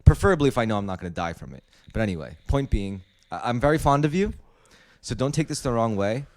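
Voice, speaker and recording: A man's voice: medium pitch, expressive, fast. A man in his thirties, co-hosting a podcast, ranting bluntly in casual chat with heavy swearing. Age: 30s. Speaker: podcast co-host.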